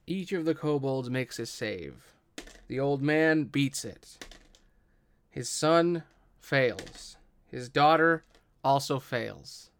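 A man running a tabletop game as game master, describing the scene in a relaxed way. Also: mid-range voice, slow pace, pauses often, clear, resonant tone.

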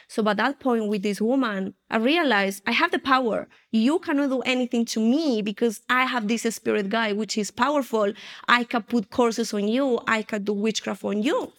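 A woman's voice: a little high, moderate pace, fairly bright tone. A woman giving an earnest personal testimony in an interview, retelling her past with frequent restarts.

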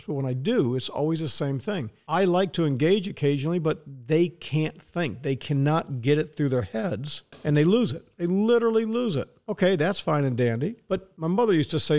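A man's voice: a little high, lively intonation, fairly quick, hardly any pauses, darkish tone. A man hosting a podcast, giving blunt, sarcastic, folksy commentary on his own. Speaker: podcast host. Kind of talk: opinionated solo commentary.

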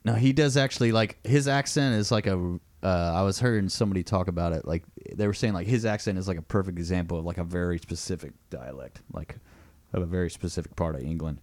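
A man co-hosting a podcast, chatting casually, animated and laughing often. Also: deep voice, fast, dry recording. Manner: animated, laughs often, slips into mock accents. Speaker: podcast co-host. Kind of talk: casual chat.

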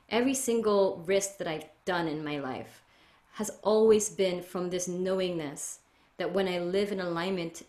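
A woman's voice: medium pitch, reverberant. A woman speaking earnestly as a podcast guest, reflective and spiritual in a flowing way. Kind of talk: reflective interview talk.

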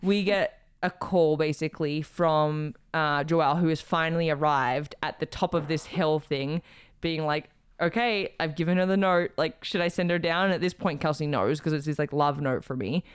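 A woman with a smooth, resonant voice tells a story in casual conversation. She quotes others expressively, and the recording sounds close and dry. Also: low voice, normal speed, no echo. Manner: expressive, quotes people, frequent laughs. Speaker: storyteller recounting a proposal she planned. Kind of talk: casual chat.

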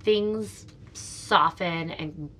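A woman's voice: on the low side, drawn-out words, a bit bright, a little hiss or hum. A woman talking as a birth educator on a casual podcast chat, playful and demonstrative. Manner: playful, demonstrates sounds and laughs.

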